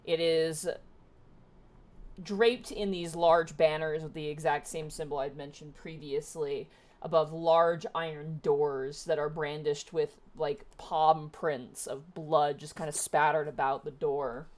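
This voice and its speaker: Woman game master, low relaxed voice. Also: slow. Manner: relaxed, describing scenes with fillers. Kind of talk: narrating a tabletop game.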